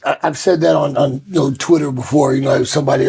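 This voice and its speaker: A man's voice: fairly high pitch, steady tone, quick pace, creaky, warm tone, husky. A male podcast host chatting casually, blunt and joking with emphatic delivery.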